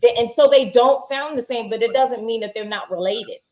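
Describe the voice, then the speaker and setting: A woman's voice: fairly high pitch, brisk, crowd noise, rough recording. A woman co-hosting a casual TV episode review, firmly explaining her view and pushing back on her co-host. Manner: firm, explains and pushes back. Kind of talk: casual chat.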